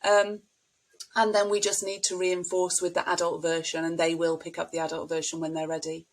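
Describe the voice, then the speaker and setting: A woman's voice: on the low side, monotone, fairly quick, rough recording. Woman speech therapist explaining. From United Kingdom. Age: middle-aged. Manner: warm explanatory, models child talk with anecdotes. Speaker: speech and language therapist guest. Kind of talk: podcast interview.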